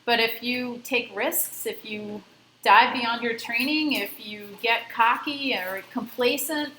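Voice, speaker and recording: A woman's voice: on the high side, takes it slowly, pushed and bright, reverberant, a little hiss or hum, rough recording. A woman scuba instructor lecturing a class, telling a personal story in a conversational way and stressing safety. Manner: conversational, emphatic about safety.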